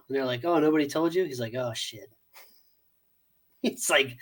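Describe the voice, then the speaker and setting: A man co-hosting a casual movie review podcast, animated and profane, often laughing and acting out scenes. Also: fairly high pitch, brisk. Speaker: podcast co-host.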